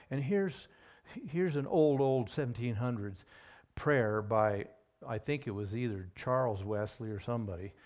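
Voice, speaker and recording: A man preaching a sermon in an emphatic way, with sudden rises in pitch and loudness on key words.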